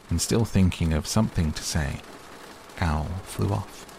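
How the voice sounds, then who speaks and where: Deep gravelly bedtime narrator, man. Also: fairly even intonation. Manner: slow, soothing reading. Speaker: audiobook narrator. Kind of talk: calm bedtime storybook narration. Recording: faint rain noise behind.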